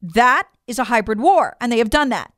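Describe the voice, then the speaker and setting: An American woman delivers political opinion commentary, emphatic and incredulous, relying on rhetorical questions. Her fairly high, animated voice is a bit bright at a moderate pace, in a dry, studio-quality recording.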